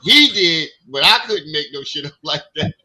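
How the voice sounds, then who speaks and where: A man's voice: fairly high pitch, animated, moderate pace, bright, forceful tone, poor audio. A man hosting a casual stream, retelling a friend's story in a mocking, incredulous way. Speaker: stream host. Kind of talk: casual commentary.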